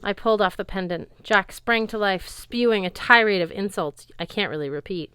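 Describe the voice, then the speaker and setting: A woman giving a steady, wry first-person audiobook narration in a studio. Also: medium pitch, moderate pace, smooth, no echo.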